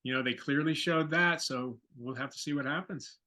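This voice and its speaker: A guest actor joins a casual interview over a video call, speaking in a laid-back way and giving short agreeing replies. His voice is a little high, with a sharp tone and normal speed.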